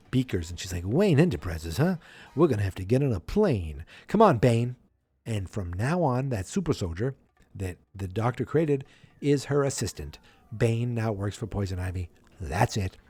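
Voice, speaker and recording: A man's voice: low-pitched, a little mellow, breathy edge. A man hosting a podcast, casually recapping a movie in a rambling way and acting out lines in silly voices. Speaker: podcast host. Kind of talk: casual movie review chat.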